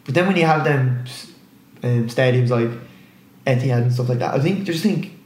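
A man's voice: mid-range voice, normal speed, a little mellow, reverberant. A man co-hosting a casual football podcast, rambling and often asking "you know what I mean". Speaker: podcast co-host.

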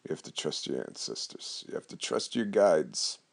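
Man, extremely low voice, gravelly, slow and earnest, spiritual talk. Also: very animated. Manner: slow, earnest, gets emotional and quiet.

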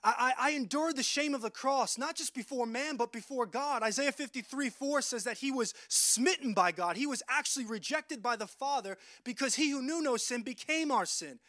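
A man's voice: extremely high pitch, normal speed, few pauses, sharp tone, dry recording. A man preaching a sermon, earnest and repeating words as he quotes scripture.

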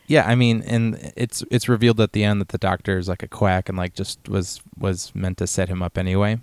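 A man co-hosting a podcast, talking about a film in a relaxed, rambling way with lots of fillers. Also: sits low, fairly quick, smooth, no echo. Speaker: podcast co-host. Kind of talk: casual film discussion.

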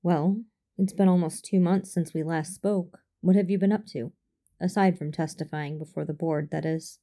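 A woman reading the part of a warm, courteous male hologram doctor in an audio story, in a gentle, friendly tone. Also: lowish voice, fairly even intonation, moderate pace.

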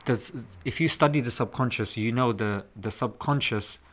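A man's voice: mid-range voice, normal speed. Emphatic man who keeps saying bro. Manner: animated and emphatic, often says "bro". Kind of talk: casual discussion.

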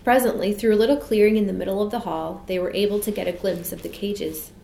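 A woman reads a storybook aloud in a measured, expressive manner at an ordinary middle pitch. Her voice rings in a reverberant room, with a faint hiss underneath. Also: gravelly. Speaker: narrator. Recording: echoey room.

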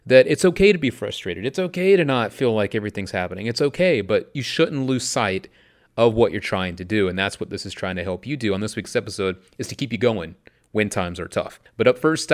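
A man hosting his own podcast, talking in an upbeat, chatty and emphatic way about mindfulness. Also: mid-range voice. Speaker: podcast host. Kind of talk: casual motivational talk.

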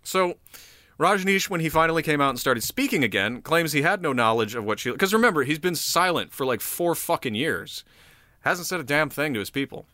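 A fairly high, bright-voiced man co-hosts a casual true-crime podcast. His pitch swings widely as he tells the story, swearing freely, laughing often and slipping into quick voices for the people he quotes. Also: animated, no echo, studio quality. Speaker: podcast co-host.

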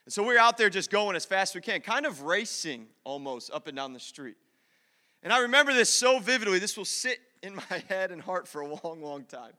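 A man preaching to a room, telling an animated personal story and acting out the voices of the people in it. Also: high-pitched, a little fast. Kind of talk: storytelling sermon. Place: large hall with an audience. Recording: long hall reverb.

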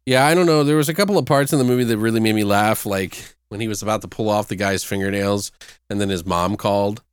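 A man's voice: lowish voice, fast talker, smooth, no room sound, clean studio sound. A man co-hosting a podcast, chatting loosely about a film and retelling its scenes with casual swearing. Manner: loose, profane storyteller acting out scenes. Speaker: podcast co-host. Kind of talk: casual movie review chat.

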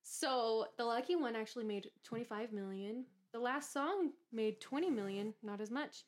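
A woman's voice: fairly high pitch, normal speed. Playful woman reading movie trivia. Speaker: podcast co-host. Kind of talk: casual chat.

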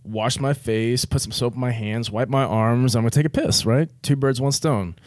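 A man's voice: mid-range voice, normal speed, a little mellow, dry recording, clean studio sound. A man casually telling a story on a podcast, laid-back and profane, often laughing through his words. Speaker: military veteran guest telling a story.

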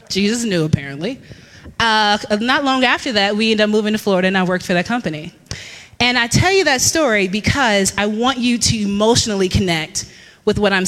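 Animated high-voiced woman in a church hall. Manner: animated storyteller, laughs often, acts out quotes. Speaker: church speaker. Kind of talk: church talk with personal story.

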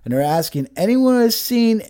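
A profane man hosts a comedic news read, his voice mellow and dark. His pitch swings widely between sarcastic asides, and he keeps mumbling half to himself between lines. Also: very animated, normal speed. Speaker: host reading news stories. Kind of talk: casual comedic news commentary.

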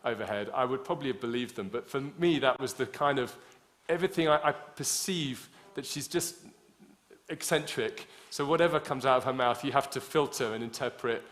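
A man's voice: mid-range voice, fairly quick, fairly bright tone. Man preaching with a chatty personal story. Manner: conversational storytelling with many restarts and fillers.

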